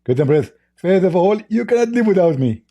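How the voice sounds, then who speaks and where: Squeaky whiny male rival, as an Arab-accented man mimics him, petulant and taunting, gravelly edge under the strain. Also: big pitch swings, brisk, mellow, heavily acted. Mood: mocking. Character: squeaky, whiny mocking male debate opponent.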